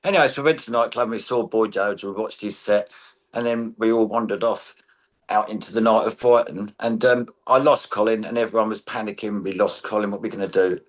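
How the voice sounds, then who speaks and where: A man's voice: on the low side, steady tone, brisk. A man reminiscing in casual chat, a blunt storyteller who swears casually. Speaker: guest, friend of the late medium.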